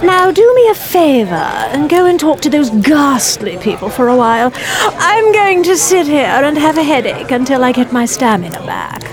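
Lady playing a haughty drawling noblewoman, high voice all over the place, crowd noise. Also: very animated, normal speed. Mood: languid. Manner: drawling, arch, dismissive. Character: haughty aristocratic lady conspirator, sly and languid.

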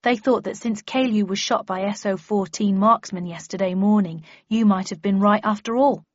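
A woman voicing a colleague who passes on news over the phone in a measured, matter-of-fact way. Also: mid-range voice, dry recording, lo-fi sound, lightly acted. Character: hurried colleague passing on office news by phone.

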